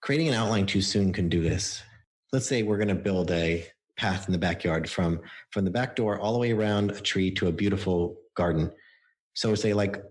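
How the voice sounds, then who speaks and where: A man with a very low, deep voice speaks as a podcast guest. He explains his work through anecdotes and often acts out what his clients said. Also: normal speed, darkish tone. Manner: explains with stories and acted-out quotes. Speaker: book coach guest. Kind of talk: podcast interview.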